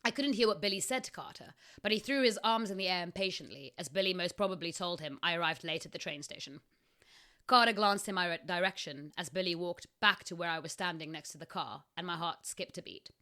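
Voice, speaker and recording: A woman's voice: on the low side, a little fast, pushed and bright. A woman podcast host in her thirties reading her own story aloud, casual, often breaking off to laugh.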